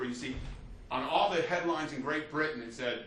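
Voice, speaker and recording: A man's voice: fairly high pitch, fairly quick, fairly bright tone, a little hiss or hum. Man lecturing in an echoey classroom. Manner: conversational, acts out quotes, frequent "you see" and "right?". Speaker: history teacher. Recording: roomy, distant, faint ambience.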